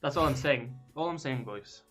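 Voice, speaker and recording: A man's voice: medium pitch, lively intonation, moderate pace, fairly bright tone, soft background music. A man co-hosting a live-streamed gaming podcast, teasing his co-host and reading out new followers. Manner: teasing, reads out followers and donations. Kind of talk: casual banter on a live stream.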